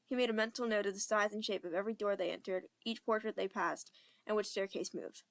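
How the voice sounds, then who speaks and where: A young woman reads a fan audiobook aloud in a steady, plain storytelling voice. Her amateur narration keeps an even, simple delivery. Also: medium pitch, fast talker, gravelly. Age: young adult.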